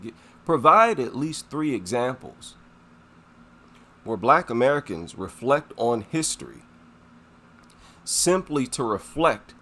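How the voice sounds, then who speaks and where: A man's voice: medium pitch, fairly bright tone. A man giving indignant reaction commentary on a clip, scornful and emphatic, repeating his points for weight. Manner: emphatic, repeats himself for effect.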